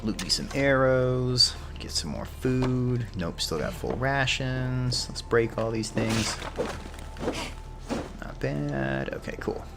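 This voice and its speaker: A man's voice: medium pitch, lively intonation, takes it slowly, creaky. A man giving casual, chatty commentary while playing a video game, often drifting into history asides. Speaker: game streamer. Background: game music.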